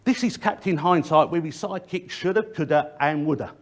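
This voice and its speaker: A man's voice: fairly high pitch, brisk. A middle-aged man gives a public workplace safety talk, speaking directly to the audience and shifting his emphasis often.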